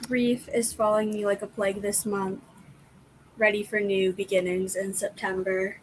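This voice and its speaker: A woman co-hosting a casual livestream chat, chiming in with dry, quick asides. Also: mid-range voice, level tone, a little hiss or hum, poor audio. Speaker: livestream co-host.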